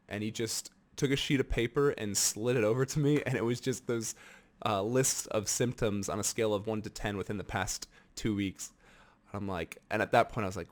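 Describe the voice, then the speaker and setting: A young American man in his twenties telling his own story in an earnest, animated way, casual vlog talk. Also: fairly low pitch, moderate pace. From United States. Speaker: vlogger. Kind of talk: candid personal vlog talk.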